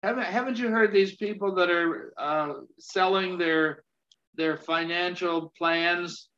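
A man preaching a sermon, talking slowly with frequent restarts, fillers and amens to his congregation. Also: sits high, pushed and bright. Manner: slow, halting delivery with many restarts and amens. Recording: dull lo-fi recording.

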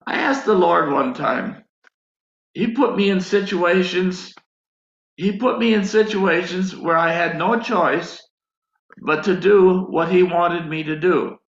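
This sermon testimony comes from a man with a high, fairly bright voice who tells a personal story and acts out his own prayers. The sound is echoey, dull and lo-fi.

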